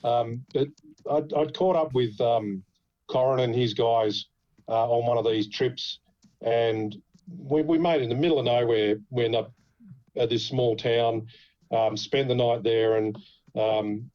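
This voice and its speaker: A man with an Australian accent, a podcast guest telling an animated story full of swearing. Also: medium pitch, a little slow, dull audio. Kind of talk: casual storytelling.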